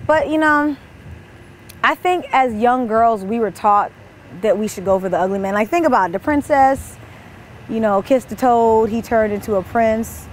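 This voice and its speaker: A woman, delivering an animated, exasperated comic rant as a monologue. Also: a little high, normal speed, a little hiss or hum. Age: 20s. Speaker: comedian.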